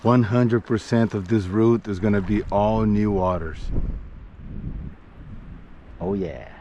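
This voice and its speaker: A man's voice: lowish voice, takes it slowly. A man narrating his solo canoe trip in a casual vlog, talking to himself and hyping himself up as he paddles outdoors. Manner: upbeat, self-talk, hyping himself up. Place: outdoors on a lake and river in a canoe. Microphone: camera mic. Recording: wind-battered dull outdoor camera audio. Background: wind and water noise.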